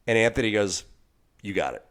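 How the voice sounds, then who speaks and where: A man's voice: fairly low pitch, animated, brisk, fairly bright tone, clean tone. A man co-hosting a podcast, chatting casually and giving opinions with many fillers. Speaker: podcast co-host. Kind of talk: casual recap chat.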